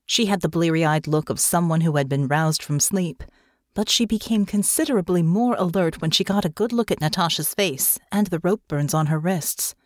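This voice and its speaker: A woman narrating an audiobook in a steady, measured reading. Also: on the low side, no echo, studio quality. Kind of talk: scripted narration.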